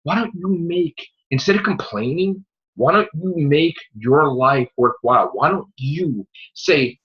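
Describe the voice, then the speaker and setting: The voice is a man's, fairly high and animated, moving a little slowly. Recovering from an illness, he hosts a podcast and delivers a repetitive, combative, profane rant in a casual style. The recording sounds muffled and lo-fi.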